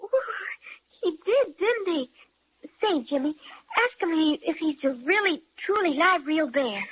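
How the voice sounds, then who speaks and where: A very high, sweet little girl, gentle and wide-eyed, easily alarmed. She sounds straight out of an old children's radio serial. The sound is dull and muffled, like a 1930s broadcast. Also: animated, measured pace. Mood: wondering. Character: sweet, timid young girl.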